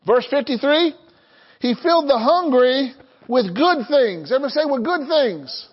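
A man's voice: very high voice, lively intonation, normal speed, slightly rough, dull audio. A man preaching a sermon as pastor, calling out to the congregation and prompting them to answer back. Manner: call-and-response preaching, asks the congregation to answer.

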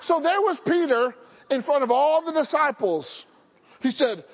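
High-voiced preaching man in a reverberant church. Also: moderate pace, breathy edge. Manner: animated preaching, acting out Bible scenes in voices. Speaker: pastor. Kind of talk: sermon. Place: church sanctuary. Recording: dull audio with long church reverb.

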